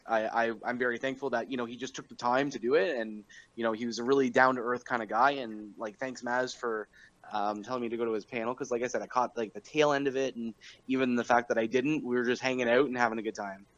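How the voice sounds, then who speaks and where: A man's voice: medium pitch, steady tone, fast talker, a bit bright, highs cut off. A young man hosting a podcast, chatting casually and rambling with lots of fillers and chuckles. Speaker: podcast host.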